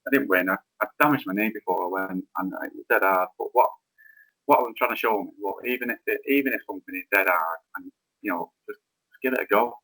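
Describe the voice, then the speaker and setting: Brief: head teacher guest, low but bright male voice, stop-start casual talk. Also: rough recording. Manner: halting, repeats words as he talks. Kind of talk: casual chat.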